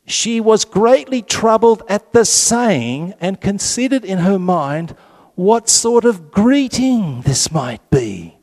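A man leading a Catholic Bible study group, reading passages slowly and adding joking asides. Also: high-pitched. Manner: lively, joking asides, reads scripture slowly.

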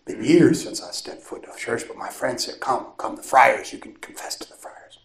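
A man's voice: mid-range voice, vocal fry, natural voice. A man quoting a hesitant, remorseful woman at confession. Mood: confessing. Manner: hesitant, halting, tearful. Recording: echoey room with faint noise.

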